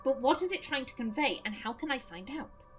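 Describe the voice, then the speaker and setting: A woman's voice: sits high, animated, a little fast, fairly bright tone, soft background music. A woman doing an earnest Irish doctor. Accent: put-on Irish. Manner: earnest, precise, lecturing. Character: middle-aged male doctor, curious about spirits. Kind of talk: reading game dialogue aloud.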